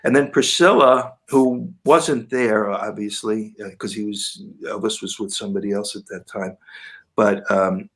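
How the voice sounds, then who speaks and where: A man's voice: lowish voice, measured pace. An older man, a guitarist guest, telling anecdotes in a casual interview and acting out the people he quotes. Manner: animated anecdote-telling, quoting people in lively voices.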